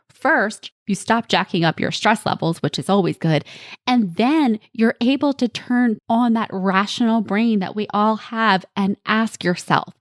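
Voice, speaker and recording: A woman coaching parents on a podcast, her tone earnest and direct. She leans on repeated phrases to make a point. Her voice sits in an ordinary middle pitch and is recorded close to the mic, with a dry sound and no room echo. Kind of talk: podcast advice monologue.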